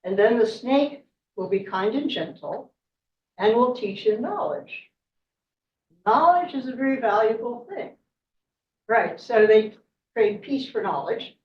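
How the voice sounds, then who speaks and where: A woman's voice: fairly high pitch, expressive, unhurried, long pauses. Older woman, guest speaker, chatty storytelling, distant roomy dull recording. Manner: chatty, digressive, wry asides. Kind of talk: storytelling lecture.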